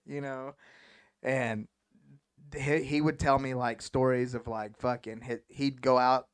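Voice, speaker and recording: Man, podcast host, mid-pitched voice, rambling profane storyteller. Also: level tone, measured pace, clear, resonant tone, no room sound, clean studio sound. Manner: rambling, profane storyteller who laughs often. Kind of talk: casual podcast conversation.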